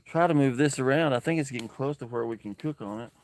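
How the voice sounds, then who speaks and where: A man talking to viewers on a camping livestream outdoors, heartfelt and openly thankful, with a mid-pitched everyday voice. He talks easily and plainly, reading out comments as they come in. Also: quick pace, a little mellow. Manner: earnest, emotional, thankful, reads viewer comments aloud. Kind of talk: casual livestream chat. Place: outdoors at a woodland campsite.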